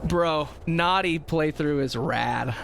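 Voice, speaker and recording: A woman's voice: low voice, slow, creaky, noisy background. A woman streamer commenting casually on a game in a playful, giggly, self-mocking way.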